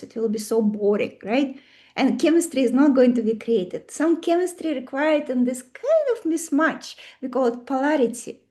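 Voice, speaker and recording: A woman with a Russian accent teaches a live online class, chatty and full of questions for her students. Her voice sits high but has a mellow, warm tone. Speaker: astrology teacher.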